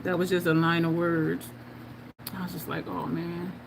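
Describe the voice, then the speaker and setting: A woman's voice: on the low side, level tone, moderate pace, gravelly, background noise. A woman hosting a casual makeup livestream, chatting, laughing often and reading viewer comments aloud. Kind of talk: casual livestream chat while doing makeup.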